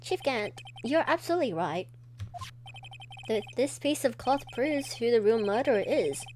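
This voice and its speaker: A woman's voice: on the high side, animated, normal speed, noisy background, natural voice. A woman reading a determined young defense lawyer.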